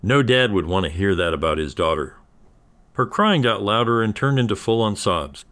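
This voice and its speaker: Deep-voiced man narrating a story. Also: animated, moderate pace, fairly bright tone. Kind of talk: scripted first-person story narration.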